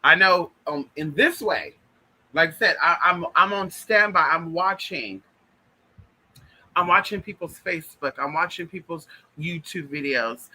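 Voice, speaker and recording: A man's voice: fairly high pitch, measured pace, bright, forceful tone, rough recording. A man talking straight to his viewers in a casual vlog monologue, emphatic and repetitive, calling them honey and y'all. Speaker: spiritual vlogger. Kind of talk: casual direct-to-camera monologue.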